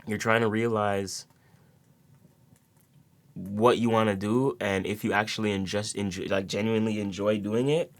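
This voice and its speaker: A man's voice: fairly low pitch, level tone, moderate pace, pauses often. A man giving a casual tarot reading to his viewers, rambling with repeated words and many fillers. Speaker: tarot reader.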